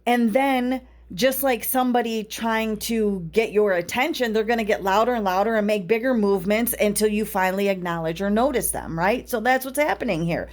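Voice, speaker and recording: A woman podcast host talks casually in a middle pitch. She tells a personal story and keeps checking in with her listeners through tag questions. Her talk is loose and conversational, with no script. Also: brisk, hardly any pauses. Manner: chatty storyteller, often adds tag questions. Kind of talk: casual spiritual podcast monologue.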